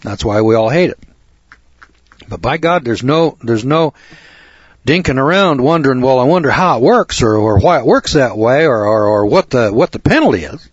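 A man's voice: medium pitch, lively intonation, normal speed, slightly rough, no room sound. A man giving an emphatic, preachy lecture on law, addressing his listeners as boys and girls and repeating words for weight. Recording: dull lo-fi recording.

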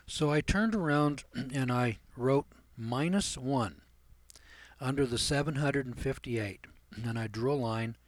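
A man telling a story to a class in a folksy way, clearing his throat often and acting out both sides of the dialogue. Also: medium pitch, measured pace, dry recording. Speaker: seminar speaker telling a story. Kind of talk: storytelling lecture.

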